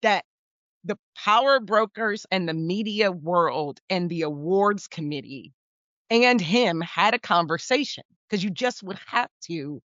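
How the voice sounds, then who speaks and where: A woman co-hosting a podcast, talking about film in a casual, animated and emphatic way, sometimes swearing. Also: on the low side, measured pace, no room sound, lo-fi sound. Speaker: podcast co-host.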